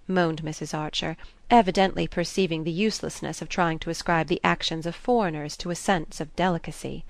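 A woman narrating a classic novel in a measured, even reading. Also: fairly low pitch, no room sound. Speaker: audiobook narrator.

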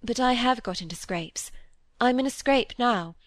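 A woman reading aloud, voicing a troubled, secretive young woman in an old novel who speaks quickly and emphatically. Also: on the high side, no echo, pitched above the performer's own voice, close to an everyday voice.

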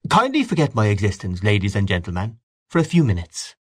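A man's voice: on the low side, wildly swooping pitch, brisk, no room sound, clean studio sound. A man voicing an amiable, formal host.

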